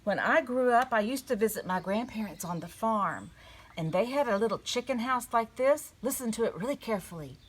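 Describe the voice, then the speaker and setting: A woman giving a gentle storytelling lesson to young children at a table. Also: fairly high pitch, lively intonation, brisk, slight background noise. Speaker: children's church teacher. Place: indoors at a table.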